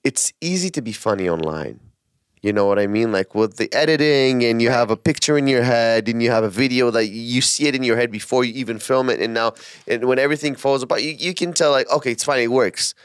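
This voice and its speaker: Israeli man with lively, stammering delivery. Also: mid-range voice, fairly quick, clear, resonant tone, no echo, studio quality. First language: Hebrew. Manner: repeats words and restarts, lively storytelling. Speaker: podcast co-host and comedian. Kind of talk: casual podcast chat.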